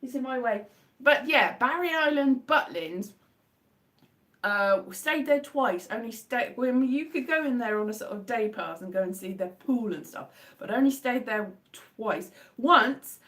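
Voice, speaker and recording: A woman chatting casually on a live stream, telling rambling stories with lots of restarts and self-corrections. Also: far from the mic. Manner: animated, jumps into high-pitched acted exclamations.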